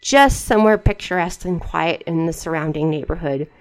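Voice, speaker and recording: A woman reading aloud the lines of a suave, quietly charming young man in a story, keeping close to her own voice. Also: on the low side, brisk, clean tone, natural voice. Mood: smooth.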